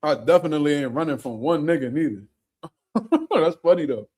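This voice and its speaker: A man's voice: fairly high pitch, fairly quick, darkish tone. A young man hosting a casual livestream, reading viewer comments and chatting in a loose, profane way with frequent laughter. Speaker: boxing livestream host. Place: home room.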